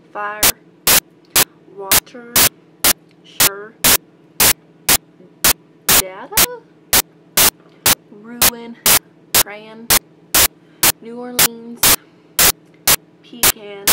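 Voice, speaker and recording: A woman's voice: fairly high pitch, very slow, pauses often. A young woman from Georgia with a Southern accent, chatting casually as she reads a list of words and questions aloud, with rambling asides. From Albany, Georgia, US. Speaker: vlogger. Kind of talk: casual accent-tag video. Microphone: built-in laptop mic. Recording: loud hum and static from a laptop mic.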